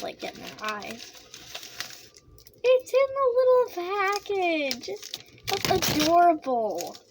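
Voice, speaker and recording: A woman vlogging a casual snack taste-test, excitable and giggly, chatting while she eats with her mouth full. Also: on the high side, noisy background.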